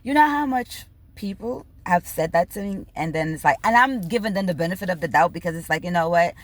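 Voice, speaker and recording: A woman telling a story in a casual rant, animated and bubbly, swearing freely and acting out both sides of conversations, laughing now and then. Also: fairly low pitch, brisk, no room sound. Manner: bubbly, laughs between lines. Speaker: vlogger.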